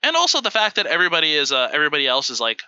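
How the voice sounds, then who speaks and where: A man's voice: a little high, wildly swooping pitch, very fast, sharp tone, clean tone, dry recording, muffled recording. A man co-hosting a podcast, talking casually and animatedly with lots of fillers and restarts. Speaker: podcast co-host.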